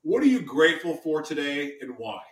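A man's voice: a little high, sing-song, fairly quick. Effusive male host, echoey and distant. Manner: effusive, rambling, frequent restarts. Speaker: interview host. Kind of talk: interview. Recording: echoey room, distant mic.

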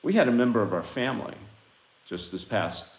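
A man preaches a fiery sermon and reads from scripture. He drops to hushed asides, then rises into loud, impassioned outbursts. His pitch swings widely, and the room carries a clear echo. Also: lively intonation, fairly quick. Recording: echoey room.

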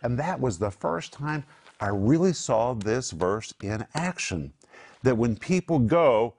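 A man's voice: medium pitch, expressive, slow, darkish tone. Man preaching emphatically on a Christian show. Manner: emphatic preaching cadence, quotes scripture. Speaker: co-host of a Christian TV program. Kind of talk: Bible teaching.

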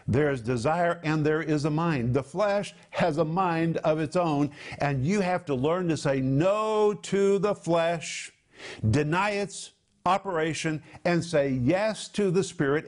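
A middle-aged man giving an emphatic, measured televised Bible teaching. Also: on the high side, a little mellow. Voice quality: emphatic, measured preaching delivery.

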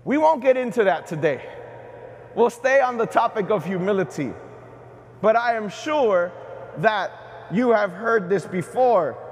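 A middle-aged man, a bishop, preaching a sermon at Mass with animated delivery and questions to the congregation. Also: high voice, measured pace, long pauses, slight background noise. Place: large cathedral. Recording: long cathedral reverb.

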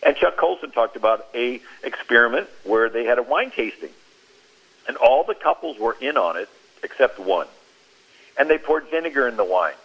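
A man giving a Christian talk on a radio show, telling stories in an animated way and acting out the quoted lines. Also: mid-range voice, normal speed, slightly rough, lo-fi sound. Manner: animated storyteller who acts out quoted speech. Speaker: Christian speaker.

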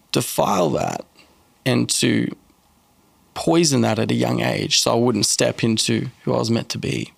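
A man sharing a personal faith testimony in an interview, earnest and halting, with frequent restarts. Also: medium pitch, creaky, dry recording. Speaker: guest telling his testimony.

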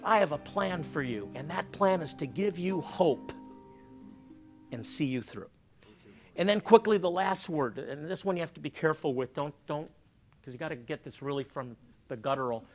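A man preaching a sermon, telling stories and dropping to a soft hush for emphasis. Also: fairly high pitch, normal speed. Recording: faint music behind.

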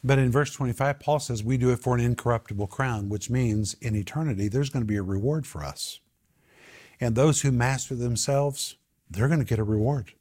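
A man's voice: medium pitch, fairly quick, darkish tone, husky. Emphatic man teaching a Bible study. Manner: emphatic, repeats key phrases, asks the group questions.

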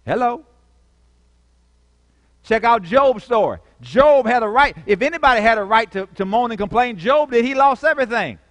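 Animated preacher man in an echoey hall. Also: very high-pitched, brisk, hardly any pauses. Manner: animated, call-and-response, dramatic shifts in volume. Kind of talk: sermon.

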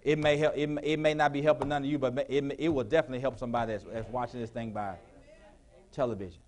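A male pastor preaching a sermon in a church, with call-and-response questions to the congregation, sometimes rising to shouts. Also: mid-range voice, steady tone, quick pace. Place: church sanctuary.

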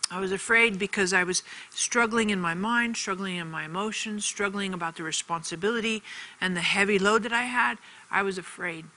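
Bright-voiced woman teaching on faith. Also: medium pitch, fairly quick, low-quality recording. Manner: earnest, repeats phrases for emphasis. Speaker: TV ministry teacher. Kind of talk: televised faith teaching with a personal story.

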